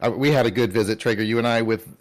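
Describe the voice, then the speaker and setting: A man's voice: mid-range voice, steady tone, rapid-fire. A man co-hosting a charity closing ceremony, upbeat and laughing easily as he reads names from chat. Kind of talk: casual live-stream chat.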